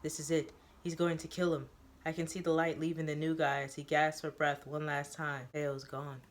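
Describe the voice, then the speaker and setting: A man reading a first-person story aloud, describing the action in a steady, descriptive way. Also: fairly high pitch, normal speed.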